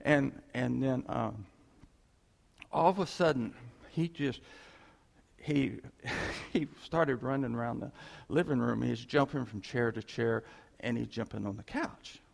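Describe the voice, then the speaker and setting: Man with gravelly voice in echoey hall. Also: mid-range voice. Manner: rambling, halting storytelling with chuckles. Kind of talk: informal testimony to a congregation. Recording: long hall reverb.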